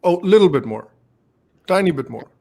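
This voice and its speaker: A man's voice: high-pitched, expressive, moderate pace, vocal fry, dark tone. A man hosting a podcast in casual panel chat, laughing easily and slipping into Hindi phrases. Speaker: podcast host.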